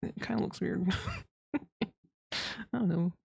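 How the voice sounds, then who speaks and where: A giggly, rambling woman chats casually while she draws on stream, tossing out silly little sound effects. Her voice sits low, with a gravelly, husky grain. It is close and dry on a desk mic, with no room sound around it. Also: measured pace, dark tone, no echo. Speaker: art streamer. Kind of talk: casual chat while drawing.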